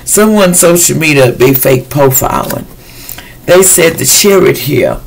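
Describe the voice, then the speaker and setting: Gravelly-voiced man giving a chatty tarot reading. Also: a little high, animated, measured pace, poor audio. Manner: chatty, loose and slangy, addresses viewers directly. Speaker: tarot reader. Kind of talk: casual weekly tarot reading.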